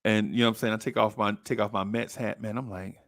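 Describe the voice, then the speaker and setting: A man's voice: fast talker, dry recording, studio quality. A man, a podcast host casually telling a personal story, acting out the voices of the people in it. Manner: animated, acts out quoted voices with high pitch jumps.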